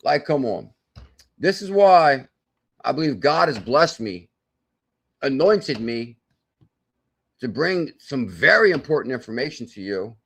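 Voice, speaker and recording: A man hosting a live crypto stream, talking in an excitable, salesy way with loud outbursts, thinking aloud as he works through sums and reads the viewer chat. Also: mid-range voice, a little slow, creaky, long pauses, husky. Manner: thinks aloud while doing sums and checking charts. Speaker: crypto channel host.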